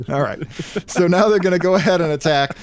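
A man co-hosting a casual comedic chat, recapping a story in a relaxed, wry way. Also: a little high, fairly quick.

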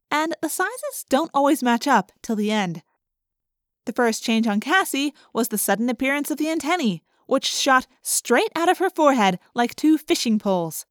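Brisk, expressive woman narrating an audiobook. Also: a little high, dry recording, clean studio sound. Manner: lively and expressive, quick in excited passages. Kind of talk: first-person audiobook narration.

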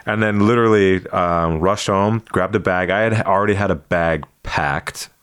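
A man in casual conversation telling a story about a meeting, animated and jumping into quoted voices as he goes. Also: deep voice, moderate pace, clear, resonant tone, no room sound, studio quality. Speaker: comedian and impressionist guest.

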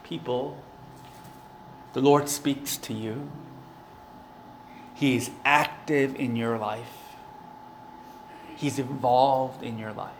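A man's voice: medium pitch, steady tone, slow pace, long pauses, echoey room, a little hiss or hum. A man preaching a sermon, earnest and conversational, with a prayer and a personal story. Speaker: pastor.

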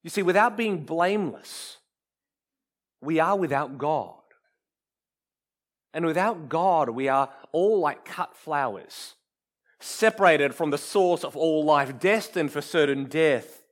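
An earnest man delivers a sermon in a notably high voice. He preaches with emphasis, building his points and then letting key words fall to a quiet hush. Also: expressive, slow. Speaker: pastor.

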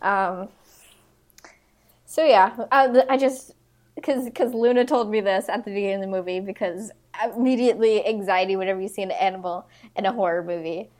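A woman co-hosting a podcast, chatting in a relaxed, agreeable way with plenty of fillers. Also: mid-range voice, brisk. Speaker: podcast co-host. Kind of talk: casual chat.

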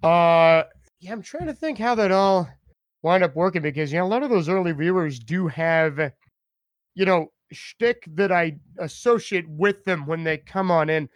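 Streamer guest, male, slightly high voice, loose and laughing, dry recording. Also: moderate pace, dry recording. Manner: laughs often, repeats words, puts on voices for viewers' names. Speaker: streamer being interviewed. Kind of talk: casual chat.

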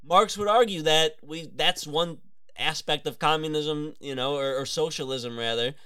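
Podcast guest, male, slightly high voice, casual and reflective, dry studio sound. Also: normal speed, sharp tone, clear, resonant tone, no echo. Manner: thoughtful, hedging with fillers like "you know". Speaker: podcast guest, tap dancer. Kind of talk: casual conversation.

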